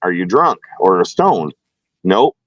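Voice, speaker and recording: Casting: man, animated storyteller, lively pitch, dry and slightly dull sound. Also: slow, no room sound. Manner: animated, acts out both sides of a dialogue. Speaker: guest telling a story. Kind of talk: casual storytelling.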